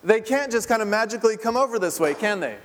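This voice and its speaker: A man's voice: sits high, lively intonation, fast talker. A man in his thirties preaching a conversational sermon, asking the congregation questions and laughing often. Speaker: pastor. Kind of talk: interactive sermon. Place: church sanctuary. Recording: long hall reverb.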